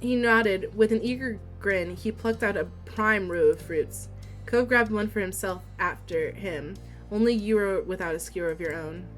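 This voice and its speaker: A young woman on a livestream reads a story game aloud, her pitch sitting in a middle register. She giggles and curses between passages. Faint game music plays softly beneath her desk-mic voice. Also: normal speed. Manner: giggly, swears, reads dialogue in a quieter steady voice. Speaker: streamer.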